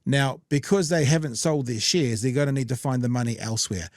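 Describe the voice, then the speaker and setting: A man's voice: mid-range voice, brisk, a little mellow, dry recording, clean studio sound. Joking New Zealand man hosting. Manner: rambling, jokey asides, reads from news. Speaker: host. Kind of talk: casual political commentary.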